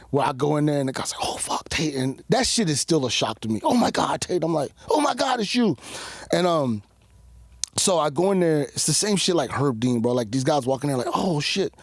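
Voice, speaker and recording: A man telling stories as a podcast guest, animated and profane, laughing often as he talks. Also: fairly high pitch, no room sound, clean studio sound. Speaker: guest cutman. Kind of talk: casual podcast storytelling.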